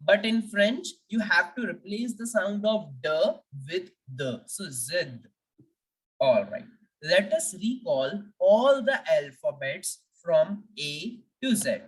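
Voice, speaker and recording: A woman's voice: medium pitch, big pitch swings, measured pace, far from the mic, rough recording. A woman teaching French, patiently drilling each letter of the alphabet one by one and asking learners to repeat after her.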